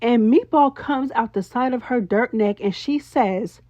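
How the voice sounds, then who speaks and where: A woman hosting a casual reality show recap, sassy and animated, full of slang and acted-out quotes. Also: high-pitched, moderate pace, dry recording. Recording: dull lo-fi sound.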